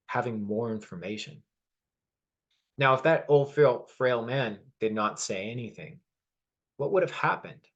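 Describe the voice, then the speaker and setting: A man's voice: medium pitch, fairly bright tone. A man giving an earnest motivational lesson, with fillers and hesitations, leaning on key words. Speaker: personal development teacher.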